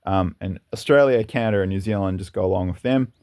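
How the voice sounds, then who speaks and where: Talking quickly in a low, slightly mellow, clean-toned voice, this channel host rambles through his opinions. The monologue is casual and earnest, broken up by occasional laughter.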